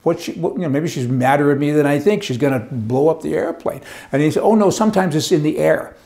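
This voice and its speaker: A man's voice: a little high, fast talker, vocal fry, mellow. An older man, a commentary host, talking in a rambling, folksy monologue with chuckling asides.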